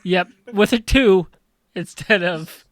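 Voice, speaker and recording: A man's voice: high-pitched, slow. A man in a group reading, making wry, chuckling comments between the passages. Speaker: group reader. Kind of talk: casual joking commentary.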